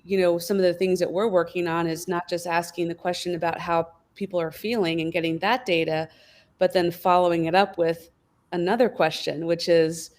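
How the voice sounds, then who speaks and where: A woman's voice: fairly low pitch, normal speed. Thoughtful woman on a panel. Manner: thoughtful, lively, acts out quoted inner voices. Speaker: panel guest from a wellbeing app company. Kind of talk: panel discussion.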